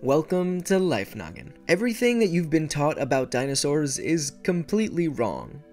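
A man's voice: a little high, big pitch swings, normal speed, darkish tone, soft background music. A man hosting an educational video, narrating a science script in an upbeat, playful way with jokey asides. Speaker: educational channel host.

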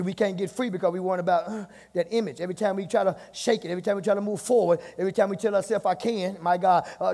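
A man preaching a sermon as pastor, repeating his phrases and rising to shouts. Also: high-pitched, gravelly. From United States. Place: church sanctuary. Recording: church sermon with hall reverb.

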